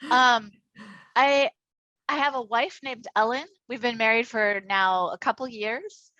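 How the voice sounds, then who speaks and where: A middle-aged woman from Minnesota leading an online workshop on inclusive education, enthusiastic and chatty with quick asides. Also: fairly high pitch, bright, forceful tone, no echo, lo-fi sound. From Minnesota, United States. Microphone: computer mic on a video call.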